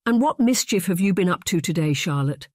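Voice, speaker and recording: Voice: mid-range voice, moderate pace, no room sound, clean studio sound, lightly acted. A narrator voicing a middle-aged Scottish laird, drunk, bullying and blustering as he bellows at his family. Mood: angry bellowing.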